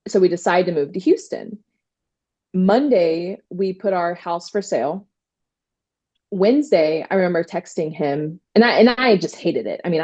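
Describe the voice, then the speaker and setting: A woman attorney telling stories in a casual interview, animated, quoting herself and using many fillers. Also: fairly low pitch, highs cut off. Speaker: trademark attorney guest.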